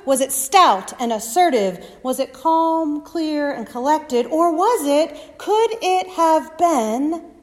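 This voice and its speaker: A woman preaching a sermon in a dramatic style, dropping often to soft whispers. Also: high voice, animated, takes it slowly. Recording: long reverb of a large hall.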